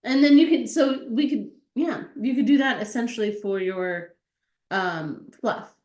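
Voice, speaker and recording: Brief: animated, chatty female co-host with a fairly high voice, heard over a roomy video call. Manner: animated and chatty, quick to laugh. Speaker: stream co-host. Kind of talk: casual chat.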